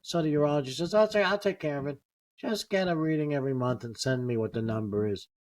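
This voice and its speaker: A man's voice: a little high, fast talker. An older man, a comedian, telling personal stories casually and acting out what others said. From United States. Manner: animated anecdotes, acting out quotes. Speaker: guest comedian. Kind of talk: casual storytelling.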